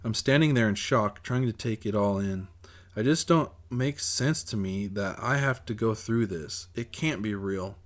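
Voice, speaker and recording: A man's voice: lowish voice, unhurried. A man reading his own novel aloud in first-person audiobook narration, in an earnest, plain way.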